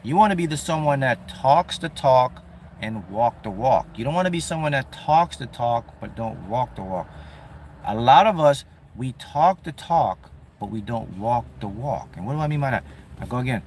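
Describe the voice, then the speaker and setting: A man giving a motivational talk on manifesting, acting out his clients' voices with lively energy. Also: mid-range voice, moderate pace, a little hiss or hum. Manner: animated, acts out clients' voices. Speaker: manifestation coach.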